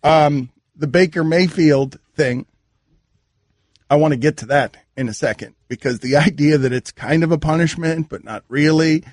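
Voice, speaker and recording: Male sports radio host, fast banter, frequent laughs, slightly high voice, dry studio sound. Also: dry recording. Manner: quick, laughing, argumentative.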